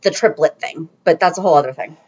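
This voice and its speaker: A woman co-hosting a fan podcast in casual chat, animated and quick to laugh. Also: deep voice, slightly rough. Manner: animated, laughs a lot, acts out scenes. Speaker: podcast co-host. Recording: dull lo-fi podcast audio.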